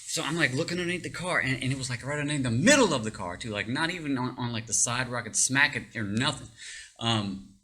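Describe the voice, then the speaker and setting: A man telling a personal story in a casual, animated way, rambling, restarting often and breaking into laughs. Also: mid-range voice, fast talker, slightly rough. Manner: rambling with many fillers and restarts.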